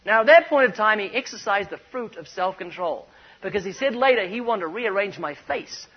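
A man with a New Zealand accent preaches in a high, ringing voice, telling stories and driving his points home with emphatic repetition. The recording is dull and muffled. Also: expressive, fairly quick, breathy edge. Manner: storytelling, emphatic, punchy repetition. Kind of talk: sermon.

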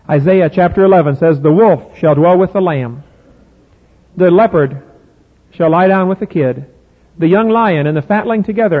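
Middle-aged male preacher, high husky voice, folksy and emphatic, asks the crowd questions. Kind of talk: sermon. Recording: phone-like audio in a reverberant hall.

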